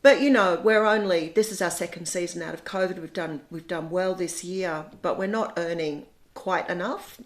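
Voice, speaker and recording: Chatty Australian woman, low voice. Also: moderate pace, few pauses. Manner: chatty, repeats words when restarting. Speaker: guest, bed and breakfast owner. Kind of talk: casual chat.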